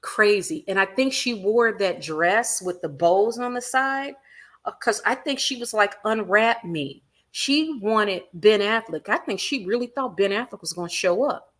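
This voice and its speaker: A woman hosting a celebrity gossip livestream, animated and emphatic, repeating her points and reading viewer comments aloud. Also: medium pitch, normal speed. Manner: animated, acts out quotes in other voices, reads viewer comments aloud; emphatic repetition.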